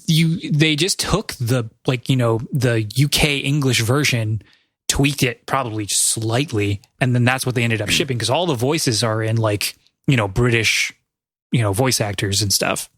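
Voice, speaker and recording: A man's voice: mid-range voice, moderate pace, a bit bright, dry recording. Male podcast host, mid-range voice, chatty and meandering with frequent self-corrections, dry mic. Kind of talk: casual chat.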